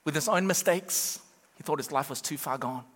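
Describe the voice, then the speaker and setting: Bright, high male preacher, animated and urgent, long hall echo. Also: normal speed. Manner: animated, urging the crowd, acts out quotes. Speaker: pastor. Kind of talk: sermon.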